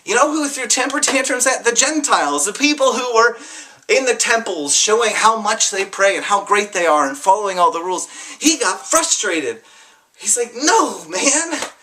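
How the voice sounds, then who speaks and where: A young adult with a bright, forceful tone gives a raw, unscripted personal testimony. The delivery is impassioned and sometimes profane, dropping low and quiet and then rising into heated outbursts. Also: animated, normal speed. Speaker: vlogger sharing a personal story.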